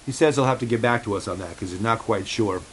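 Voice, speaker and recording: A man's voice: on the low side, poor audio. Rambling man with a faint hiss. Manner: halting, many fillers and restarts, relays a cat's remarks. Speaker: host of a home-made pet show. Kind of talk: rambling casual monologue.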